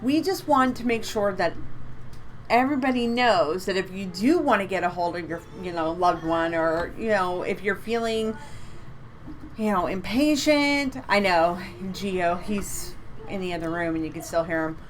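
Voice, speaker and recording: A woman's voice: on the low side, moderate pace, a little hiss or hum. A woman co-hosting a live psychic reading stream from home, chatty and upbeat, repeating words for emphasis. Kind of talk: casual live-stream chat.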